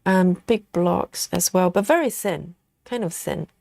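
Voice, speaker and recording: A woman's voice: lowish voice, a little slow, vocal fry, a little mellow, no echo, clean studio sound. Giggly woman chatting on a stitching livestream. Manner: chatty and giggly, reads viewer comments aloud; snacks on chocolate while talking. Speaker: livestream host. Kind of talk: casual live-stream chat while cross-stitching.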